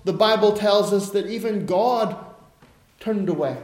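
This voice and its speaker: High-voiced, unhurried man preaching in a roomy hall. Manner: emphatic, rhetorical repetition, drops to soft low asides. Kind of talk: sermon.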